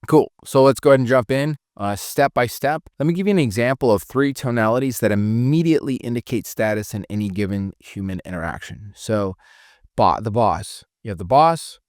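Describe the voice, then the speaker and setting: A man's voice: medium pitch, brisk, darkish tone, no room sound, studio quality. A man giving a casual spoken sales training lesson, often restarting phrases and demonstrating intonation.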